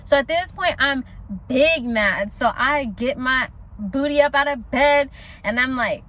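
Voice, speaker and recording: A woman's voice: sits high, a little slow, fairly bright tone. A woman telling a personal story in a casual, slangy vlog chat, acting out her own past lines and laughing often.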